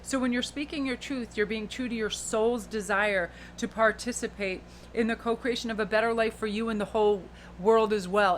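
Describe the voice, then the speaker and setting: A woman giving a pick-a-card tarot reading in an expressive, flowing, spiritual way. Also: mid-range voice, slight background noise. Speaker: tarot reader.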